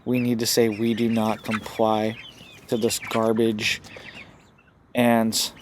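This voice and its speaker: A man's voice: lowish voice, completely flat delivery, slow pace, background noise. Urgent man, chickens clucking behind. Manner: urgent, repeats "right?" often. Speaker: homesteading channel host. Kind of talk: casual direct-to-camera commentary. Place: home setup with chickens nearby.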